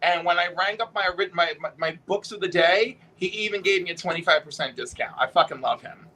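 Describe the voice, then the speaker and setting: Male host, high bright voice, animated, cheeky comic-book talk. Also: fairly quick, slightly rough, poor audio. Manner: animated, profane, joking storyteller. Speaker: host showing comic books. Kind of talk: casual chat. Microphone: video call.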